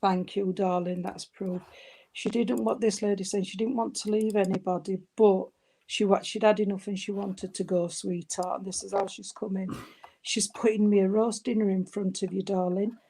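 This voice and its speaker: Speaking at normal speed in a level, medium-pitched voice, a spiritualist medium does a spirit reading at a service. Gentle and soothing, she uses sweetheart and darling, and her sentences often stall and start over.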